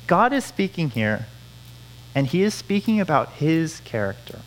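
A man's voice: on the high side, big pitch swings, measured pace, low-quality recording. A man preaching a sermon, earnest, repeating key phrases for emphasis. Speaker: pastor.

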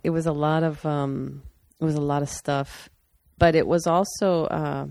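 A woman's voice: sits low, steady tone, moderate pace, a little mellow, dry recording, clean studio sound. A woman telling a personal story candidly and matter-of-factly in casual conversation. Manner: candid, matter-of-fact, with restarts.

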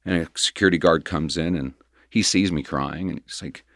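A bass voice with a fairly bright tone carries a middle-aged man's earnest, candid account of his personal recovery. He rambles conversationally, emotional, restarting often and laughing quickly, and the clean studio recording has no room sound.

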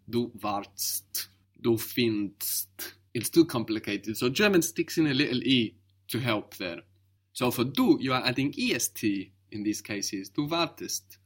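A man's voice: medium pitch, slightly rough. A man teaching a spoken language lesson, patiently explaining and modeling each word carefully.

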